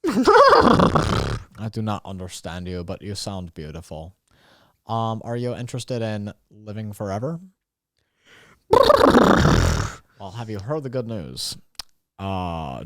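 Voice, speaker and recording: A man's voice: fairly low pitch, slow, pauses often, slight background noise, heavily acted. A man improvising as a gloomy male vampire who dreams of being a cowboy, rambling and flustered. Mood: nervous. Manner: rambling, flustered, lively delivery. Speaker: improv comedian. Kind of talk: improvised comedy scene.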